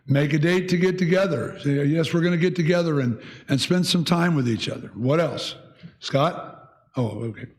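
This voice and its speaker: A man's voice: a little high, moderate pace. A man teaching a church Bible class, talking conversationally and asking the group questions. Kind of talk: leading a church class discussion.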